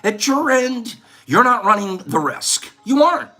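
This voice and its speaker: A man's voice: extremely high pitch, very animated, unhurried, few pauses, bright, forceful tone. A man hosting a casual vlog, rambling and lecturing as he talks. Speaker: host.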